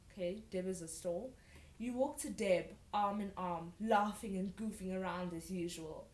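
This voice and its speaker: A young woman reading old fan fiction aloud with sarcastic, incredulous asides, in an echoey room. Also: mid-range voice. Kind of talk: mocking dramatic reading.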